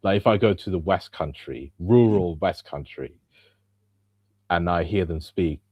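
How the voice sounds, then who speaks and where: A man's voice: low-pitched, unhurried, slightly rough, no echo, lo-fi sound. A man from England with a standard Southern English accent, a podcast guest talking in easygoing casual chat.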